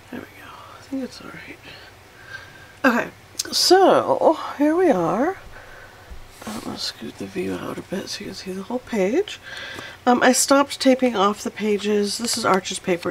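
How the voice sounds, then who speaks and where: Woman, watercolor tutorial host, chatty, self-deprecating, gravelly, faint background hiss. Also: mid-range voice, poor audio. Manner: chatty, self-deprecating, narrates her painting steps. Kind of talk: casual painting tutorial talk.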